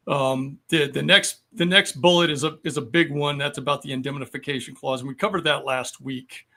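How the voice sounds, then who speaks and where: Man in his sixties, veteran guest, slightly high voice, measured and explanatory, lots of ums. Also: sharp tone. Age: 60s. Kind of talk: podcast discussion.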